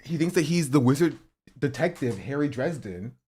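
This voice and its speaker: A man's voice: medium pitch, expressive, moderate pace, a little mellow, breathy edge. A streamer reacting to a video clip, laughing and incredulous, talking to his chat. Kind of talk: livestream reaction commentary.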